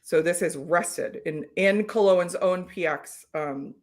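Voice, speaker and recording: A woman's voice: on the low side, a little slow. A woman hosting a live whiskey tasting, chatting casually and explaining technical details. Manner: informative, reads out viewer comments, lists technical whiskey details. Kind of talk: casual chat, live stream.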